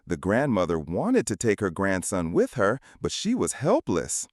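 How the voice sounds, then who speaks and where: A man's voice: fairly low pitch, huge pitch swings, moderate pace, hardly any pauses, no echo, clean studio sound. A man narrating a scripted family drama in a dramatic storytelling manner.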